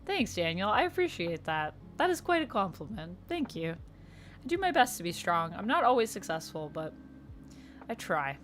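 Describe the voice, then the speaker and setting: A young Canadian woman streaming casually, reading viewer comments aloud and answering them warmly. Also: medium pitch, big pitch swings, normal speed, slight background noise. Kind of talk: casual livestream chat.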